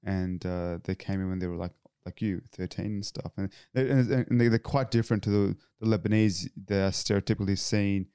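A man's voice: sits low, steady tone, a little fast, hardly any pauses, dark tone, smooth, no room sound, studio quality. A man, a podcast host who talks casually and hesitantly, often restarting sentences as he tells stories. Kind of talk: casual interview chat.

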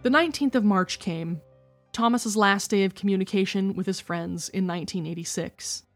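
A woman narrating a spooky podcast story in a calm, measured reading voice, with faint music behind her. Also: medium pitch.

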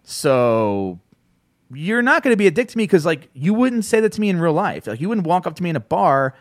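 A man's voice: on the high side, fairly quick, no room sound, studio quality. A man from New Jersey hosting a podcast, talking casually with lots of swearing and restarts. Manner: rambling, profane, animated, with many restarts. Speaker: podcast host. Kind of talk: casual chat.

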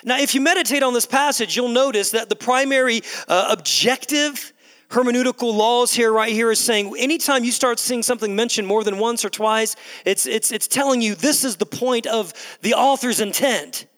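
A man delivers a sermon in a high, bright voice. He stacks emphatic, repeated phrases and talks straight to the crowd. A long reverb from the big hall trails behind every sentence. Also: normal speed. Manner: repetitive emphatic preaching, addresses crowd as guys. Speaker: pastor. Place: large church hall. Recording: long echo of a large hall.

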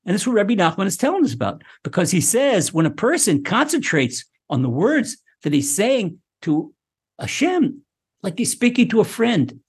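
A man teaching a Torah class, animated, often repeating words and acting out the speech he quotes. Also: sits high, normal speed, hardly any pauses, breathy edge.

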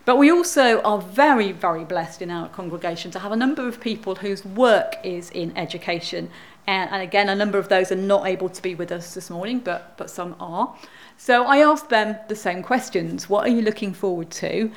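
A woman's voice: medium pitch, fairly quick. Female worship leader, informal, talks with the congregation. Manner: informal, chatty address to the congregation. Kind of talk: leading a church service.

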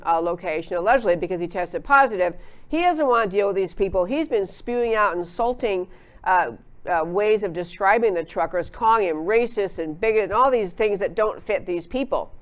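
A woman hosting a political talk show, giving opinionated commentary in an emphatic way, with frequent fillers and restarts. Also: medium pitch.

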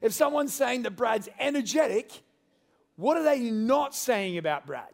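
Man pastor, high voice, animated and playful sermon to a live congregation. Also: a little slow, creaky. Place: church hall with congregation.

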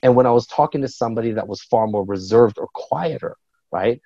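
A man at a mid pitch gives a podcast interview as a business coach. His talk is quick and animated, full of bursts of excitement. The recording sounds dry and a little muffled. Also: no room sound. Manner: energetic, quick-talking, animated storyteller.

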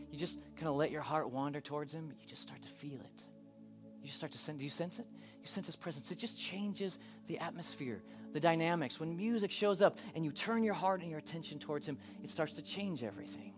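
A pastor preaching a sermon, moving between hushed, intimate moments and loud, animated bursts. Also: male voice, a little high. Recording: preaching over live keyboard music.

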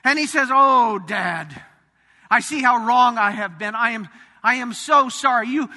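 A man pastor preaching a sermon in a church sanctuary, dramatic, swinging from loud emphasis to hushed asides. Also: high voice. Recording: reverberant sanctuary.

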